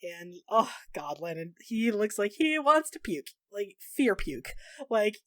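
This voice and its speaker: Casual woman GM narrating, mid pitch, dry close sound. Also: sing-song, measured pace, no echo. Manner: casual, many fillers. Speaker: game master. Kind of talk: narrating a tabletop game.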